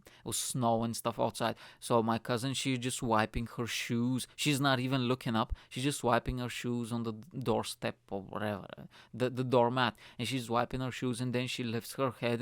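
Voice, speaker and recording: Young man from Bulgaria, host, gravelly voice, smooth tone, dry close sound, rambling animated storytelling. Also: mid-range voice, dry recording. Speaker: podcast host. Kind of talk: casual storytelling monologue.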